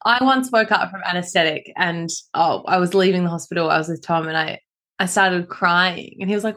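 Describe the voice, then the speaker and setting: Woman, podcast co-host, chatty and expressive, quick to laugh, middle pitch. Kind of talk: casual chat recapping a TV show.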